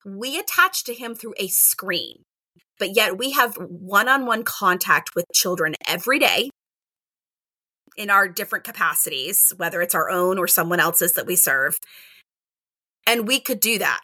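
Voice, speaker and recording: With a medium pitch, a measured pace and a slightly breathy edge, a middle-aged kindergarten teacher talks casually in an interview. She's animated, acting out quoted conversations heavy on "like" and "right?", and there's no room sound.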